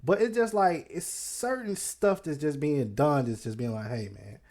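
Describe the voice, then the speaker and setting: A co-host reacting to a clip with excited, slangy exclamations. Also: medium pitch, moderate pace. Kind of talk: casual reaction commentary.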